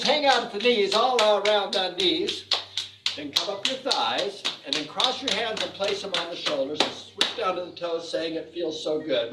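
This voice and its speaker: High-voiced man leading an exercise class. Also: distant mic. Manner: upbeat, coaxing, calls out cues and laughter chants. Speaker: fitness instructor. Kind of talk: guided exercise class instruction. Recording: echoey room, voice off-mic, faint music.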